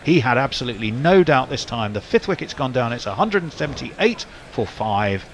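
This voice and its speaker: A man's voice: medium pitch, big pitch swings, a little fast, slight background noise. A man doing ball-by-ball cricket commentary in a wry, chatty, wordy way.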